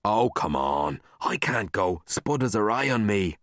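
A man's voice: on the low side, big pitch swings, unhurried, fairly bright tone, no echo, clean studio sound. A man voicing a cheeky, scheming young boy who coaxes and pesters his brother. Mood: wheedling. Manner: wheedling, coaxing.

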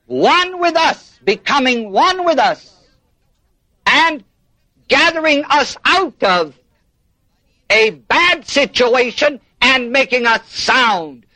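Slow deliberate preacher man, dry close sound, calls out to the congregation. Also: very high-pitched, lively intonation, bright, forceful tone, no echo, rough recording. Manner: emphatic, prompts the congregation with "what?"; repeats and stresses key words. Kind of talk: sermon.

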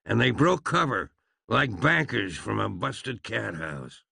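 A man narrating a comic western audiobook with a wry, lively storytelling manner. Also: lowish voice, takes it slowly, vocal fry, slightly rough, no echo.

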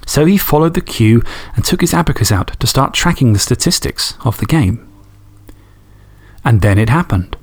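A man's voice: mid-range voice, animated, normal speed, a little mellow, husky. A man hosting a podcast, reading fan stories and chatting enthusiastically, swearing casually. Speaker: podcast host.

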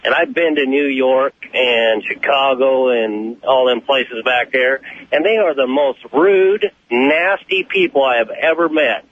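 A man's voice: medium pitch, a little slow. A man calling a radio show from Oregon, ranting in a heated, plainspoken way. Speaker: caller. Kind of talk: phoned-in radio call. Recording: tinny phone line.

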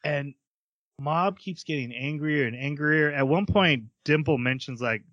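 Guy excitedly retelling an anime episode, bright voice, pretty dry sound. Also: fairly high pitch, measured pace, dry recording, lo-fi sound. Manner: animated storyteller, acts out character quotes. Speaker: podcast co-host. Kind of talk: casual anime recap chat.

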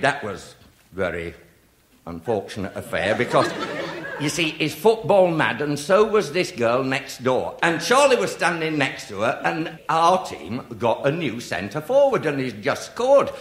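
Older comic, lively and echoey. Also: male voice, on the high side. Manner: chatty, confiding, lively delivery with deadpan punchlines. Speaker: stand-up comedian. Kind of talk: stand-up comic storytelling. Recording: echoey live room with noise.

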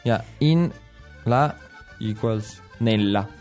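A man with an Italian accent, a native Italian speaker co-hosting a casual language podcast, jokey and self-mocking, with halting fillers. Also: fairly low pitch, darkish tone, soft background music. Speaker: co-host and native-speaker teacher.

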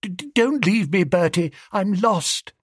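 A man voicing a vague, muddled young gentleman who talks in a flustered, stammering way. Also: high voice, animated, normal speed, no room sound, studio quality, pitched above the performer's own voice.

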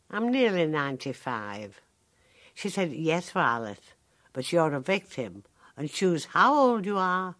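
In this dramatic monologue, a character speaks in a lowish voice: a sharp-tongued, ninety-five-year-old Northern English woman in a care home. Her dry wit comes through in deadpan, wry storytelling.

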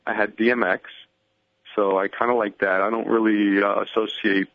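A man calling in as a guest, chatting casually and relaxed, often saying "I mean". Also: fairly low pitch, moderate pace, no echo, phone-quality sound. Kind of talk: casual phone-in chat.

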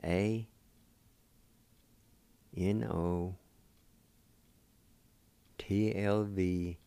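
A man hosting a radio program, teaching words slowly and patiently, spelling them out letter by letter. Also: sits low, steady tone, gravelly, mellow, clean tone, no room sound. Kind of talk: slow spelled-out language lesson.

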